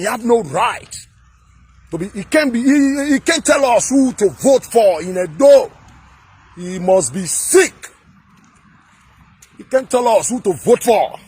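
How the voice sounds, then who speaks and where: Fiery, husky-voiced Nigerian man. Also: sits high. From Edo State, Nigeria. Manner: fiery, repetitive, at times shouting. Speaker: political vlogger. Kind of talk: impassioned political rant to camera.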